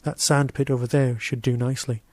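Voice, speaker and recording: A man voicing a calm, wily small man who talks in a measured, knowing way. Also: mid-range voice, no room sound, close to an everyday voice.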